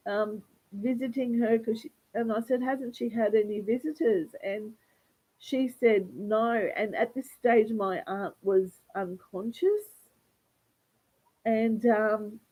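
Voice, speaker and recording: A woman vlogger talking in a rambling, halting livestream monologue, often repeating words. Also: mid-range voice, dark tone, breathy edge, rough recording.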